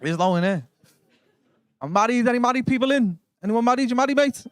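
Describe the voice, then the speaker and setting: A young man with a Liverpool Scouse accent doing a stand-up set in a comedy club, chatty and sweary, telling quick stories and working the crowd. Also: very high voice, animated, no echo. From Liverpool, England.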